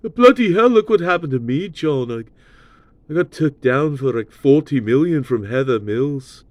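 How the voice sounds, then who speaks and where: A man doing a high-voiced impression of an excitable older rock star. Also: normal speed, no room sound, lightly acted. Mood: exasperated.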